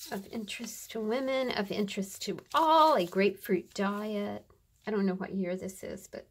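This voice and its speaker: Slow, gravelly woman crafting. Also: mid-range voice, slight background noise. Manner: chatty, muttering to herself as she works, often drops to a whisper. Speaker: crafter demonstrating journal pages. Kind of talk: casual crafting tutorial chat.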